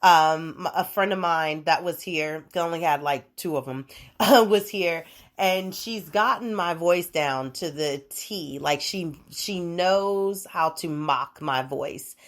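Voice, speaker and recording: A young adult woman hosts her own podcast, talking slowly in a fairly low voice. The solo chat is casual, rambling, and profane, broken up by frequent laughter.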